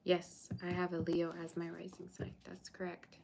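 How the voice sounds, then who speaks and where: A woman's voice: fairly low pitch, monotone, moderate pace, creaky, darkish tone, a little hiss or hum. Chatty woman giving a tarot reading. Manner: chatty, reassuring, answers viewer comments. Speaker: tarot reader. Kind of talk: live tarot reading and chat. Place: borrowed room, indoors.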